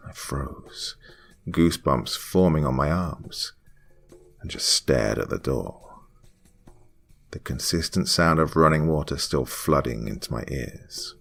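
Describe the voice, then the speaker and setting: A man with a very deep, husky voice narrates a first-person horror tale, hushed and sometimes sinking into a whisper. Faint music plays underneath. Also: takes it slowly.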